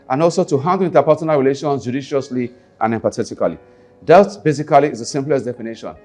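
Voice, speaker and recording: A Nigerian-accented man teaches as a life skills coach, pressing his points with repeated phrases and direct questions to the listener. His voice sits somewhat high for a man. Soft guitar music plays faintly under his talk. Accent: Nigerian English. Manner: emphatic, repeats key phrases, asks the listener rhetorical questions.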